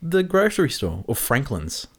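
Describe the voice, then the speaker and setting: A young Australian man chatting casually as a podcast co-host, eager to explain and prone to a casual swear. His voice sits at a middle pitch with lively rises and falls. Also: normal speed, husky. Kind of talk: casual chat.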